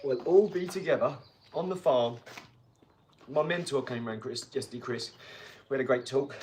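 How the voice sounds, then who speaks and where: A man's voice: mid-range voice, normal speed, background noise. A man, possibly, talking casually to viewers in an upbeat, rambling vlog between workouts. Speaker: vlogger. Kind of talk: casual vlog talk while training.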